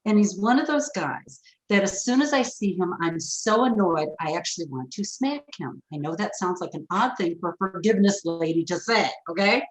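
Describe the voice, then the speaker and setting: A woman's voice: on the low side, expressive, moderate pace, hardly any pauses. Frank woman telling stories, roomy echo. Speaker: forgiveness expert guest. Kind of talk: storytelling in a podcast interview.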